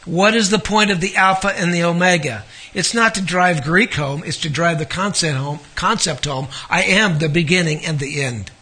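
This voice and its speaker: Man, Bible teacher, high voice, bright, conversational, asks questions. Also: moderate pace, hardly any pauses, husky. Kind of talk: Bible study sermon.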